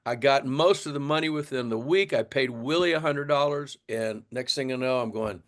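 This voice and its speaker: An older man from Texas, a drummer, telling an animated story in an interview and acting out the voices of others. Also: mid-range voice, moderate pace. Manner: animated storyteller, acts out voices, laughs often. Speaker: guest drummer.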